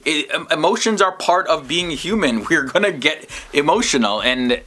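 A man hosting a reaction video, talking through his thoughts in a relaxed, reflective way with lots of asides. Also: fairly high pitch, normal speed. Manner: reflective, musing, frequent you knows. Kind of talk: casual commentary.

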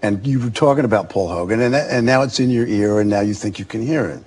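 An Australian actor in his forties, a talk-show guest telling lively anecdotes and acting out other people's voices. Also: lowish voice, fast, breathy edge. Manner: animated storyteller, acts out other voices. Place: television studio.

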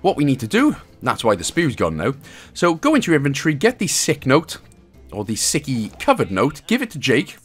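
A husky mid-range male voice with huge pitch swings runs a little fast over soft background music. He's a gaming guide host from Wales with a Welsh accent, explaining a game walkthrough step by step. Between the steps he adds humorous asides and chuckles.

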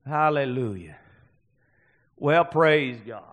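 A man preaching a sermon as pastor, swinging between loud fervent bursts and hushed passages. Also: mid-range voice, lively intonation, takes it slowly.

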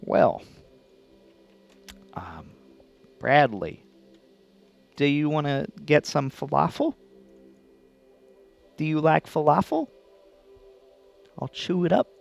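Brief: a man playing a doting, over-sentimental mother for an improv comedy sketch, very high and raspy-fried. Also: expressive, slow pace, pauses often, soft background music, exaggerated voice. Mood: cooing. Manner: over-the-top sentimental, breathless fawning. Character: gushing, doting new mother, middle-aged woman. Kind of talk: improvised comedy role-play on a stream.

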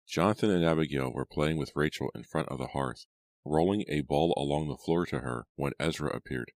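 A man narrating a spooky audiobook in a steady, measured storytelling manner. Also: extremely low pitch, no echo. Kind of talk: scripted narration.

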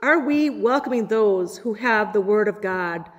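A woman pastor preaching a sermon, quoting scripture with dramatic pauses. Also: medium pitch, expressive, lo-fi sound. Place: church sanctuary. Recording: long hall reverb.

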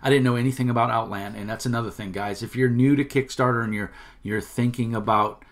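A man's voice: mid-range voice, fairly even intonation, quick pace. A middle-aged man hosting his own channel, delivering an angry rant to camera, indignant, stumbling over repeated words and swearing. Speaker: channel host.

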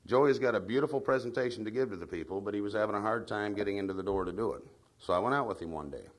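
A man's voice: on the low side, rapid-fire. A man giving a folksy training speech at a meeting, telling anecdotes and drawing the audience in with tag questions. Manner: tells anecdotes. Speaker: trainer of field staff.

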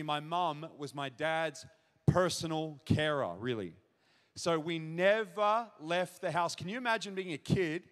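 A man giving his testimony as a pastor, telling the story vividly to a church crowd. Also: fairly high pitch. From Australia. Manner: storytelling, acts out shouted child's cries. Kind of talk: testimony sermon. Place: large church auditorium. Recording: long hall reverb.

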